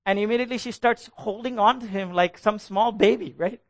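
A man preaching a sermon as pastor. He is animated and keeps asking the congregation questions, calling for them to answer aloud. The recording is dry and close. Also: high-pitched, brisk, no room sound.

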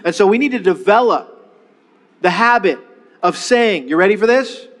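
Pastor, male, middle-aged: a high, talky sermon voice full of restarts and call-and-response, recorded in a big reverberant sanctuary. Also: expressive, moderate pace, fairly bright tone. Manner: leads the congregation in call-and-response repetition; conversational, with frequent restarts and rhetorical questions. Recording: long reverb of a large hall.

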